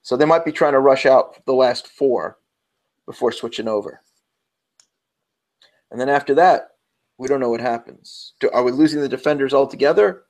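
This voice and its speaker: New York guy, mid-pitched, rambling podcast co-host. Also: normal speed, long pauses, a little mellow. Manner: chatty, rambling, self-interrupting. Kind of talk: casual round-table chat.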